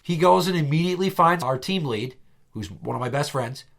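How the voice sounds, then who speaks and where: Animated, swearing man telling a story. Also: a little high, fairly quick, creaky. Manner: animated, profane, acts out quotes loudly. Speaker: podcast host. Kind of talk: casual storytelling chat.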